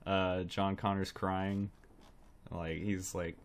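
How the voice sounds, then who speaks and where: A man's voice: on the low side, animated, normal speed. A man co-hosting a film podcast, talking in a laid-back, wry way with the odd chuckle. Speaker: podcast co-host reviewing films. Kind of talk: casual chat.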